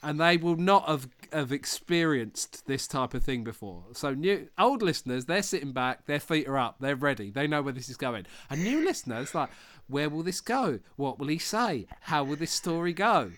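A man's voice: on the high side, sing-song, moderate pace, hardly any pauses, fairly bright tone. A man co-hosting a podcast, teasing his partner in casual chat. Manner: teasing, playful. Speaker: podcast co-host.

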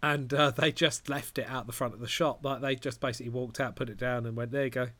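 A man's voice: medium pitch, steady tone, fast talker, sharp tone. A man from England chatting casually, with dry, wry asides. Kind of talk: casual chat.

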